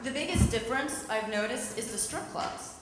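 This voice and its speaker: Performing stand-up before a live club audience, a former TV news anchor in her thirties speaks at a moderate pace in a fairly high, animated voice. She lands wry, self-deprecating jokes, and the recording is echoey with heavy background noise.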